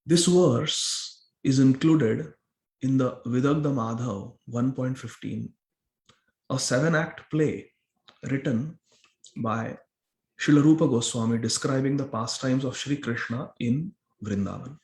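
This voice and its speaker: In a temple hall with a roomy echo, a man lectures a scripture class, taking a verse apart word by word and repeating phrases for emphasis. His voice is medium in pitch, somewhat slow, and darkish in tone.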